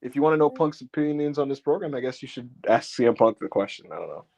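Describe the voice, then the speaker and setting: A man co-hosting a casual podcast, telling animated stories and laughing often. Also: medium pitch, fast, gravelly. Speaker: podcast co-host.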